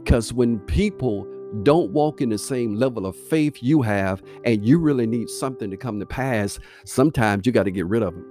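A man preaching a sermon in a mid-pitched voice, alternating between reading scripture and talking straight to his listeners. His delivery is conversational and emphatic. A soft guitar plays quietly underneath. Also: moderate pace, few pauses.

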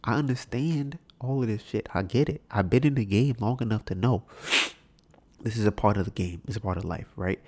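A man hosting a podcast, telling stories in an animated, profane way and often asking "right?". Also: on the low side, brisk. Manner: animated, profane storytelling with many rhetorical "right?"s. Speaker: podcast host. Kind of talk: casual chat.

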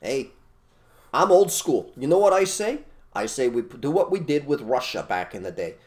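A man co-hosting an opinionated casual chat, blunt and animated, repeating his phrases for emphasis. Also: medium pitch, moderate pace. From United States. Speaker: co-host.

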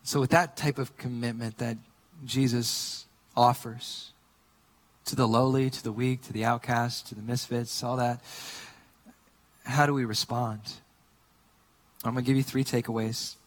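A male pastor preaching a sermon in a casual, conversational way, moving between quiet earnest points and lively storytelling. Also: mid-range voice, a little slow, long pauses, big-room sound.

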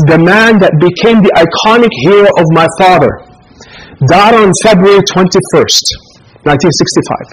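A man's voice: a little high, husky, low-quality recording. A man who is an imam, giving an impassioned Friday sermon and repeating phrases for emphasis.

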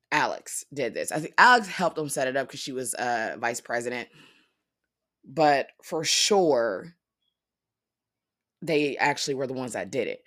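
A young woman casually recapping a TV episode, animated and profane, acting out characters' lines in paraphrase. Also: low-pitched. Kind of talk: casual storytelling commentary.

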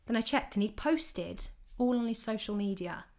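A young woman telling a dating story and giving advice, acting out both sides of the conversations in a lively, candid way. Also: medium pitch, moderate pace. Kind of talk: casual storytelling monologue.

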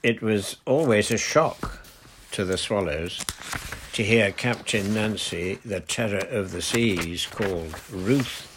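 A man reading a children's adventure story aloud in a measured storytelling manner. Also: on the low side, noisy background. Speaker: audiobook narrator. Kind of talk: storybook narration.

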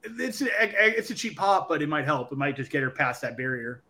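A man co-hosting a casual podcast, excitable and swearing freely. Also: on the high side, fairly quick. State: overjoyed, near tears. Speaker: podcast co-host.

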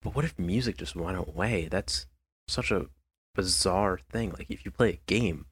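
A man's voice: deep voice, moderate pace, breathy edge. A teenage boy hosting a casual podcast with friends, musing aloud and asking lots of questions. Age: teens. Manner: musing, asks many questions. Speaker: podcast host. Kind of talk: casual chat.

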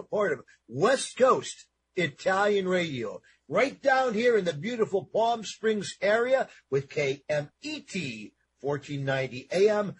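A man's voice: sits high, a little hiss or hum, low-quality recording. A man hosting a talk radio show, chatting in an upbeat way and repeating promo details, speaking into a studio microphone.

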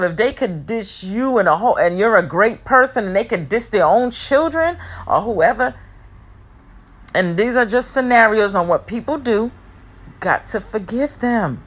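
A woman giving a heartfelt personal motivational talk, emphatic and repetitive, sometimes rushing her words. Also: medium pitch, lively intonation, husky. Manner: speeds up and slows down, talks fast at times.

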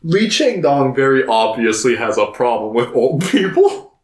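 A man's voice: mid-range voice, big pitch swings, unhurried. A man co-hosting a casual film podcast, laughing often and acting out scenes in silly voices. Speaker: podcast co-host. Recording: echoey room.

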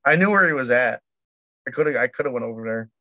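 A man's voice: medium pitch, animated, quick pace, sharp tone, no room sound. A man venting in a rambling, frustrated way during a casual chat. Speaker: bounce house business owner, guest. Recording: dry, dull lo-fi remote line.

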